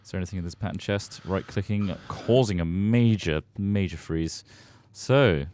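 A man's voice: low-pitched, normal speed. A man playing a game with friends, making crude jokes and explaining crafting steps. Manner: crude jokes, sudden shouts. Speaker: gaming video host. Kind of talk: casual game chat.

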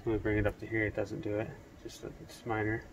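A man's voice: on the low side, completely flat delivery, fast, dull audio, noisy background. A man on a ghost hunt outdoors, calling out to spirits and puzzling over a device. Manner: calls out to spirits, puzzled musing. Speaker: paranormal investigator host. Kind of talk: casual ghost-hunting chat.

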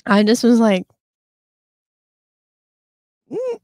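A woman's voice: fairly low pitch, steady tone, a little slow, mellow, no room sound. A woman in her fifties hosting a casual live chat, telling rambling stories in a frank, self-mocking way. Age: 50s. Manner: rambling storyteller, frank, swears, laughs at herself. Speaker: host.

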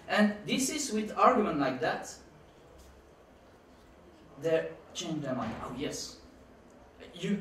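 Animated man lecturing in a hall. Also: medium pitch, slight background noise. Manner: emphatic, repeats key words, non-native phrasing. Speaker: conference speaker. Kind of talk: conference lecture. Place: conference hall. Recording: roomy hall, mic at a distance.

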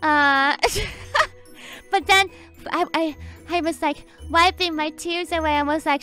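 Bubbly young woman, very high voice. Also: takes it slowly, faint music behind. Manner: excitable, giggly, often repeats words. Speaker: streamer. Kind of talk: casual storytelling chat.

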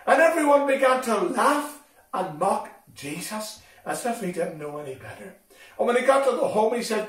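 A man telling a Bible story to children at a school assembly, animated and expressive as he talks to them directly. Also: high voice, moderate pace. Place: school hall. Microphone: distant from the recording mic. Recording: echoey hall from far off.

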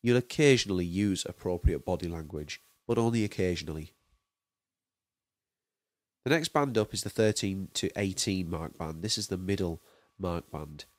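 A man explaining a marking scheme as a drama teacher, measured and listing terms one by one. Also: sits low, no room sound. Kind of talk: explanatory lesson.

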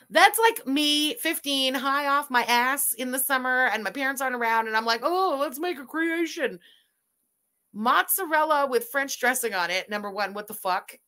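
A woman streamer giving loud, animated, swearing reaction commentary while watching a video, laughing often. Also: sits high. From Canada.

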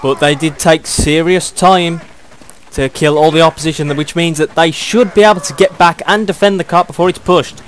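A young British man doing excitable play-by-play commentary on a video game match, chuckling often. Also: fairly high pitch, moderate pace, slight background noise.

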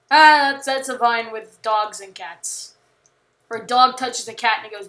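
A woman chatting casually while playing a video game, rambling and joking, with sudden panicked yells. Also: on the high side, normal speed. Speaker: gamer. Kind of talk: casual gameplay commentary.

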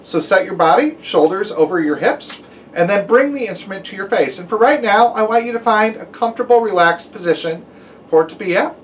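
A man's voice: high voice, expressive, a little fast, distant mic, a little hiss or hum. A man teaching a guided brass lesson, giving step-by-step instructions and counting aloud, with some "um" and "uh" fillers.

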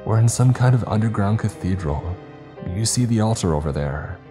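A man voicing an excited young woman exploring underground, speaking in a raised, higher voice. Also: moderate pace, over music, natural voice.

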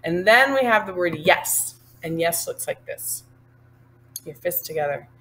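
A woman's voice: fairly low pitch, animated, a bit bright. A woman patiently teaching sign language one sign at a time, talking through each hand movement. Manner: patient, explaining each sign slowly and then singing the line. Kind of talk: step-by-step sign language lesson with sung lines.

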